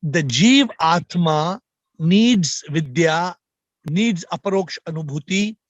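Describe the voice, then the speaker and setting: A man's voice: fairly high pitch, lively intonation, slow pace, no room sound, muffled recording. A man giving an emphatic spiritual talk on a group video call, repeating points and speaking straight to his listeners. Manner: emphatic, repetitive, addresses listeners directly. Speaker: spiritual teacher.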